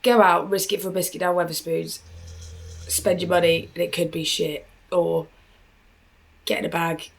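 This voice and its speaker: A woman's voice: fairly low pitch, flat delivery, moderate pace, vocal fry, long pauses, poor audio. A British woman hosting a podcast, reacting to a clip in blunt, crude, chatty talk full of swearing. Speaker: podcast host. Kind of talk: crude casual reaction commentary.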